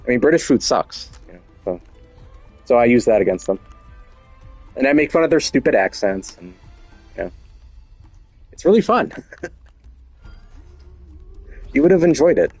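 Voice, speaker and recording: A man's voice: medium pitch, sing-song, normal speed, pauses often, a little mellow, faint music behind. A man talking casually in a boastful, rambling way, chuckling now and then as he goes. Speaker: show host. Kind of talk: casual monologue.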